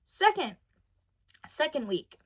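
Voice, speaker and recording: Looking right into the lens, a high-voiced teen vlogger shares a story in a relaxed diary-style video. Her telling swings dramatically, and she keeps catching and fixing her own words before hurrying on.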